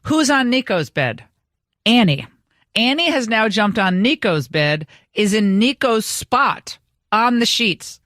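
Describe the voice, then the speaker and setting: A woman's voice: mid-range voice, fairly bright tone, dry recording. Woman radio host, middle-aged, chatty storyteller, dry booth sound. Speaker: radio talk show host. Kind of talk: casual radio talk. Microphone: studio microphone.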